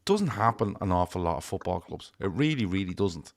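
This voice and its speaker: Regular panelist, man, lower voice, blunt, swears, emphatic. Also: very animated, a little fast. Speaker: fan show panelist. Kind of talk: casual chat.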